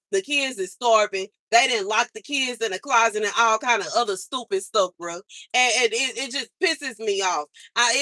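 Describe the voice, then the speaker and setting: A woman's voice: on the high side, pushed and bright, no echo. A woman livestreaming, venting in an exasperated, slangy way and repeating herself as she complains. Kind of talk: casual livestream rant.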